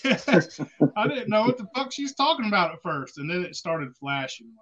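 A man's voice: high voice, sing-song, measured pace, a crowd in the background. A young man telling a rambling, profane story in a casual podcast chat, laughing as he goes. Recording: muffled lo-fi sound.

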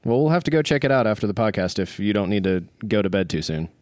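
A man's voice: lowish voice, expressive, fast talker, darkish tone, no room sound, clean studio sound. A man co-hosting a podcast, reading questions from the live chat and teasing his co-hosts. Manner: teasing, jokey. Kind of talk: casual chat.

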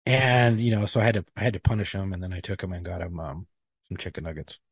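A man's voice: sits low, steady tone, fast, creaky, husky, no echo. A man in his thirties co-hosting a podcast, telling a story in blunt, profane casual chat. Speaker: podcast co-host.

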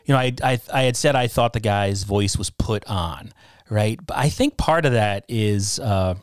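A man's voice: lowish voice, normal speed, smooth, no echo, clean studio sound. A middle-aged man from the New York area hosting a podcast, rambling and self-deprecating, with many restarts. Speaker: podcast host. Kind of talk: casual podcast talk.

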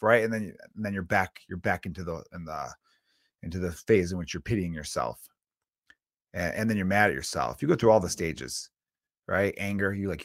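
A man hosting a comedy podcast, telling a long profane story in an animated, casual rant and acting out his own inner voice. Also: low-pitched, a little fast, no echo, studio quality.

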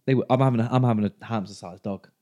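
A man's voice: lowish voice, rapid-fire, mellow. A man co-hosting a podcast, blunt and jokey, swearing freely and putting questions to his co-host. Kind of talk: casual banter.

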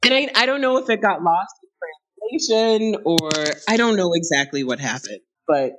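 A woman's voice: mid-range voice, animated, normal speed, background noise. A woman guest in a podcast interview, telling funny stories casually, laughing often and restarting her sentences.

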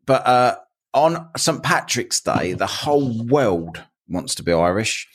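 A man's voice: medium pitch, very animated, takes it slowly. A man co-hosting a podcast, chatting casually in a blunt, ranting way and swearing now and then. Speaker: podcast co-host. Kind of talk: casual chat.

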